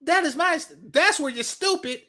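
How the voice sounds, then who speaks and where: A man's voice: extremely high pitch, lively intonation, moderate pace, pushed and bright. A man giving heated, profane commentary, repeating himself and swearing as he rants.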